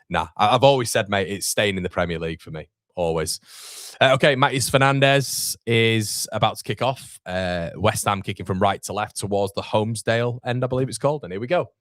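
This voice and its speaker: A man's voice: deep voice, a bit bright, no room sound, clean studio sound. A young man hosts a live football watchalong. He chats casually, reads viewer comments aloud and calls people mate. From Yorkshire, England. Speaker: watchalong streamer.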